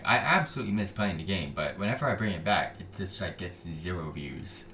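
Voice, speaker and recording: Sarcastic and prone to trailing off or interrupting himself, this streamer gives loose reaction commentary on videos while gaming-stream style. His deep voice is pushed and bright, the room is echoey, and a little hiss or hum sits underneath.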